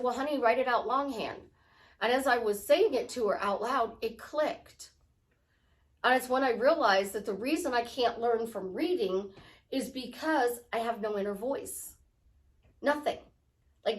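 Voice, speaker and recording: A woman's voice: a little high, unhurried. A woman life coach talking casually to her viewers about prayer, rambling and acting out little dialogues. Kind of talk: casual spiritual talk to camera.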